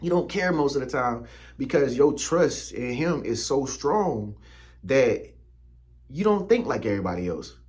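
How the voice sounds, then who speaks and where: A man's voice: mid-range voice, sing-song, measured pace, a little mellow. Man, spiritual motivational talk, slangy preachy delivery, direct to viewer. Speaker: spiritual content creator.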